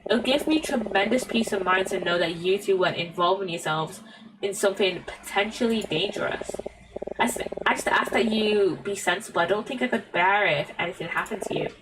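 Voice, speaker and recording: A British woman voicing a kindly, protective older male professor in a video game, in a gentle, earnest reading. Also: mid-range voice, a little fast, background noise, lightly acted. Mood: concerned, gentle.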